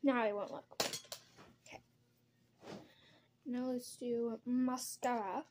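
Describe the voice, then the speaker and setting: Casting: young woman vlogger, high voice, unhurried, rambling chat, faint hiss behind. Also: steady tone. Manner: chatty, rambling while doing makeup. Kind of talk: casual get-ready-with-me chat.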